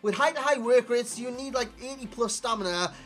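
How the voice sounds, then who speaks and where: A man's voice: very high-pitched, a little fast, faint music behind. Chatty man reviewing a game. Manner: chatty, animated, addresses viewers as lads. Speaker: gaming YouTuber. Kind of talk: video game player review commentary.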